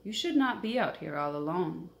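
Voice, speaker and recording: Big kind male storybook creature with a trunk, calm and caring, read by a woman in her lowish voice, roomy echo. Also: moderate pace, creaky. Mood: gentle, caring. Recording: echoey room, faint noise.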